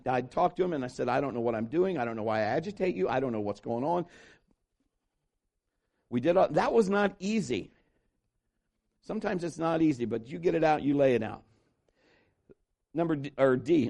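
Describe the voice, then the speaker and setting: A man's voice: on the high side, creaky. A middle-aged man preaching a sermon, telling a personal story and acting out the voices of the people in it. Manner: animated storytelling preacher, acts out quoted voices. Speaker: pastor.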